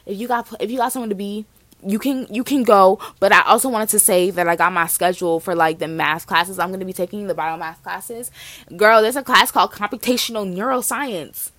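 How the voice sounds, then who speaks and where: Young woman host, chatty, bubbly, rambly; dry close sound, mid pitch. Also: fairly quick, fairly bright tone, no room sound. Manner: bubbly, rambling, heavy use of "like". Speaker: podcast host. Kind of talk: casual solo podcast chat.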